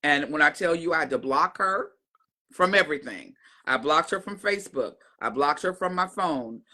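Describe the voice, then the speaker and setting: A woman's voice: deep voice, animated, normal speed, bright, forceful tone. A middle-aged woman vlogger talking casually to her viewers, a chatty storyteller who often repeats herself and uses folksy phrasing. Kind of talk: casual chat to camera.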